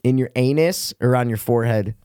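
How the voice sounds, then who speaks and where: A man's voice: mid-range voice, moderate pace, warm tone, smooth, no room sound, clean studio sound. A brash young man co-hosting a podcast, trading crude, joking banter with a friend. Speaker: podcast co-host.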